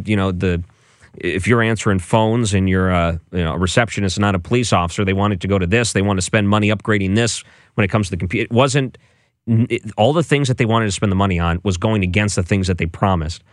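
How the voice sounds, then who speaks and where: Man, radio talk host, low voice, dry close studio sound, conversational. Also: no room sound. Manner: conversational, opinionated, quick to laugh. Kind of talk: late-night call-in radio talk.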